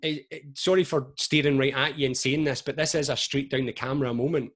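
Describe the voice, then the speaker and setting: A man in his forties, a motivational speaker, telling stories to camera on a video call in a chatty, lively way full of asides. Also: mid-range voice, a little fast. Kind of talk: energetic motivational talk to camera.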